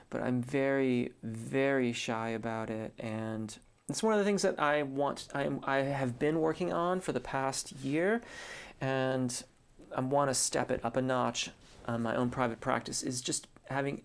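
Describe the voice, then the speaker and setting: Guy singing coach doing a live q&a, gravelly voice, laid back, lots of ums. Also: mid-range voice. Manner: relaxed, thinking aloud with many fillers; reads viewer comments aloud and answers them. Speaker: singing teacher hosting a live Q&A. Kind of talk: casual live-stream chat.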